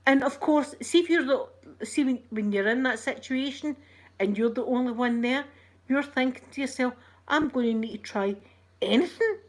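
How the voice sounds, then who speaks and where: A woman's voice: high-pitched, moderate pace. A middle-aged Scottish woman hosting a casual livestream, telling a story animatedly and acting out what people said. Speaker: channel host.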